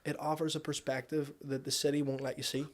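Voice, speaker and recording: A man in his twenties with a Northern Irish accent, a podcast guest telling a story in casual chat, animated and swearing freely. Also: on the high side, quick pace. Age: 20s.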